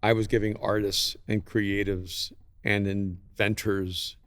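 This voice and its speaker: A man's voice: lowish voice, level tone, slow pace, a bit bright, no echo, clean studio sound. An older man from El Salvador speaking as a podcast host, reflective and storytelling, with frequent restarts and quoted asides. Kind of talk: casual conversation.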